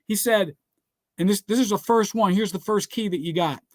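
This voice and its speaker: A high-voiced man delivers a motivational talk blending business success with scripture, speaking emphatically at a normal speed. He repeatedly tells his audience to write things down, keeps checking in with "all right?", and says "guess what" again and again. The recording is dry, with no room echo.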